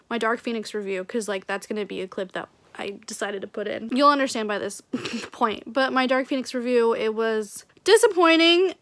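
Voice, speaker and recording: A young woman talks loosely to her camera in a casual vlog, her slightly high voice full of fillers and restarts. She rambles and vents in a chatty, unpolished way. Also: fairly bright tone. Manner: rambling, many fillers, venting. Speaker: book vlogger.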